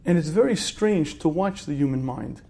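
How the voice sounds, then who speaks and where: A man with a somewhat high voice teaches in a relaxed, conversational way. He poses rhetorical questions, pauses to clear his throat, and keeps the lecture informal. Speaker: religious teacher.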